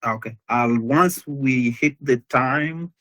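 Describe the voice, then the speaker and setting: A man, a guest speaker, chatting casually before a live online session, talking in a hesitant, halting way with frequent restarts over a video call. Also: medium pitch, fairly bright tone. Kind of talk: casual pre-show chat.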